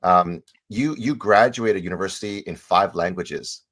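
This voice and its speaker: Man, very low voice, podcast host, casual interview, halting restarts. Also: fairly bright tone. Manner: halting, repeats words while telling a story.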